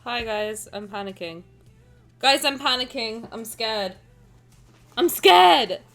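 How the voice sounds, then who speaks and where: A woman's voice: a little high, a little slow, bright, forceful tone, faint music behind. A woman streamer in casual live-stream chat, talking in a frantic, rambling, self-mocking way.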